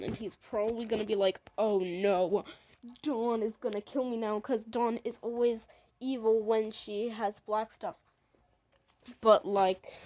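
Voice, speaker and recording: A woman with a fairly high, somewhat dark voice gives loose commentary on a video of her own animation, going scene by scene. The recording is rough, and she rambles, tying moments together with "and then he's like" and similar "and then" chains.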